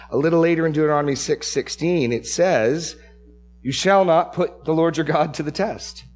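A man's voice: mid-range voice, a little mellow. A man preaching an expository sermon as pastor. He stresses key phrases, repeats words and restarts his sentences.

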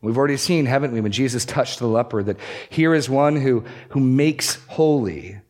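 A man's voice: medium pitch, normal speed, darkish tone. A man preaching a sermon, expository and emphatic, pushing up and dropping down to stress key words. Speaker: pastor.

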